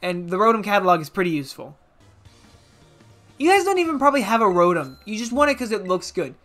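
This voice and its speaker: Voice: medium pitch, big pitch swings, fast talker, fairly bright tone, soft background music. A let's play commentator giving casual gameplay commentary, rambling and self-mocking with jokey asides.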